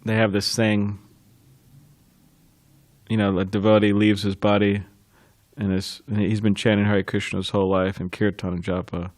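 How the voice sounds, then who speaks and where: Man, low voice, devotional class talk, chuckles a lot, halting, restarts. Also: flat delivery, darkish tone, no echo. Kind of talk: reminiscing in a scripture class.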